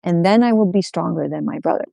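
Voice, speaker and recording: A woman storyteller voicing a newborn foal who talks with quiet confidence. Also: lowish voice, quick pace, vocal fry, no room sound. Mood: confident. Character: young foal, bold and self-assured.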